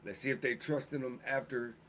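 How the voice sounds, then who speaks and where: Man, casual host, slangy and relaxed, faint background noise. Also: mid-range voice, a little fast. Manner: relaxed, loose street slang. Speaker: stream host. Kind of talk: casual chat.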